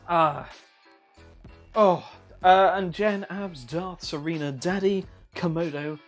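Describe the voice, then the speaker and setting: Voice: medium pitch, takes it slowly, soft background music. A streamer chatting casually on a live repair stream, swearing freely and reading viewer messages aloud.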